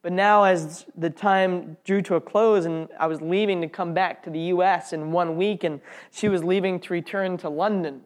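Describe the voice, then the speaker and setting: A man's voice: high-pitched, fairly even intonation, normal speed. A man telling an audience his personal faith testimony in an earnest, heartfelt way. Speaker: speaker sharing a testimony.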